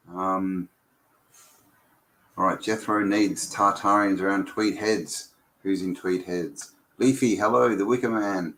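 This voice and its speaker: Man, lowish voice, casual live chat host, relaxed and chatty. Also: gravelly, poor audio. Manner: relaxed and chatty, reads out viewer names, with fillers.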